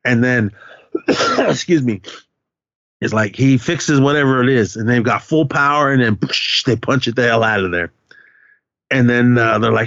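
A man's voice: fairly low pitch, fairly even intonation, normal speed, fairly bright tone, no room sound. Man rambling through a story on a dull recording. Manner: rambling storyteller with many fillers and restarts. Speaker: podcast host. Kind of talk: casual chat, retelling a movie scene.

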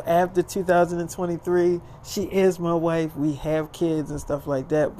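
A man's voice: on the high side, warm tone, slight background noise. A man telling a story in a casual, rambling way, leaning on loose fillers.

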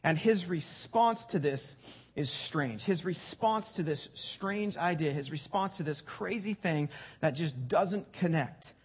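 Husky, high-voiced male preacher. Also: expressive, a little slow. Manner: conversational, repeats words when emphatic. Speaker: pastor. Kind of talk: sermon.

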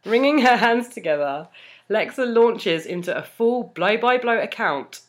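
A woman's voice: fairly high pitch, expressive, unhurried. A woman co-hosting a podcast, reading fan fiction aloud and chatting, laughing often mid-sentence. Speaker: podcast co-host.

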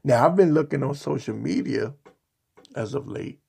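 On his vlog, a male political commentator mocks and scoffs through an opinion rant, hammering each point with insults and repeated, emphatic lines. He speaks at a normal speed in a medium pitch with lively intonation, and his darkish voice carries vocal fry and some breathiness.

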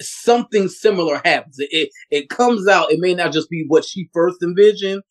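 A man on a podcast panel talks eagerly through a casual fan discussion, often checking that others agree. His voice sits a little higher than most men's. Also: normal speed. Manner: eager, talkative, asks for agreement.

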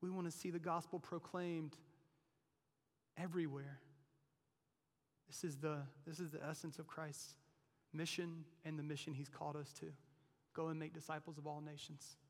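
A male pastor preaching a sermon, swinging from emphatic, nearly shouted lines to low, quiet ones. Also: flat delivery, normal speed, long pauses. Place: church sanctuary. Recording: long reverb of a large hall.

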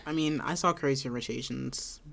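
A young woman with a low voice, chatting casually as a co-host. She sounds laid-back and slangy, and she laughs often. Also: normal speed, vocal fry, a crowd in the background. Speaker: podcast co-host. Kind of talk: casual chat.

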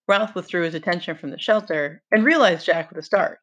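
A woman teacher reading a novel aloud and pausing for conversational explanations with rhetorical questions. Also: fairly low pitch, a bit bright.

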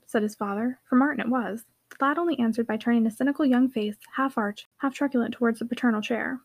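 A woman narrating a classic novel as an audiobook reader, in a brisk, clear reading. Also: a little high. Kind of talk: scripted narration.

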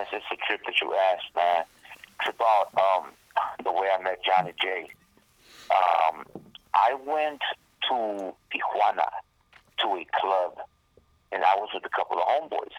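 In a lo-fi recording with no room sound, a low-voiced man, a guest rapper, rambles through a profane, casual story and performs the quoted lines of the people involved.

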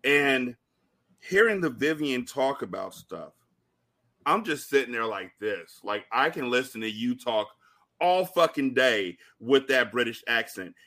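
Speaking at a medium pitch and a slightly slow pace, a male podcast co-host tells animated, profanity-laden stories in relaxed conversation.

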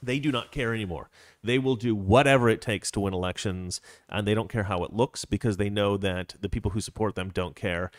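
A man with a fairly low voice hosts a casual political live stream. He rambles, restarting his sentences and filling pauses. The sound is dry and close, with no room echo. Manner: rambling, frequent restarts and fillers.

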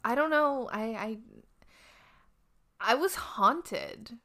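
Bright-voiced, expressive woman. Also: a little high, extremely slow. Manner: laughing, expressive, emphatic. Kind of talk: casual chat.

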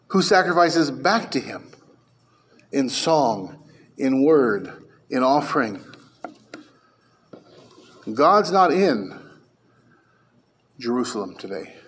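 A man preaching a sermon as pastor, emphatic, with his pitch and volume rising and falling.

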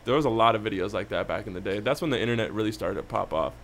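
A young man with a lowish voice talking easily and slangily with a friend. A faint noise runs behind him. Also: rapid-fire, gravelly, fairly bright tone. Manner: laid-back, slangy, says "bro" often. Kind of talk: casual chat.

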